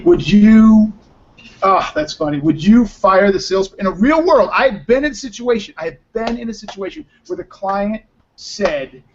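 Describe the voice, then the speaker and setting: Male podcast host, upbeat and joking, higher voice, dull audio. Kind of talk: casual chat. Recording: muffled lo-fi audio.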